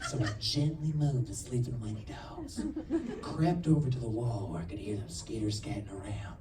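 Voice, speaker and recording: A man doing a stand-up set, telling stories in an animated way and acting out other people's voices. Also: lowish voice, moderate pace, recorded from a distance. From New Mexico. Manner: animated storytelling with acted-out voices. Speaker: stand-up comedian. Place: theater stage with audience laughter. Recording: roomy theater sound from afar, audience noise.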